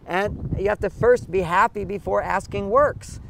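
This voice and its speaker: A man's voice: high voice, normal speed, gravelly, noisy background. An older man giving relationship advice in an interview, emphatic, often acting out what partners say. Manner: emphatic, acts out quoted partners. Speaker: relationship author, guest. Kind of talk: interview answers.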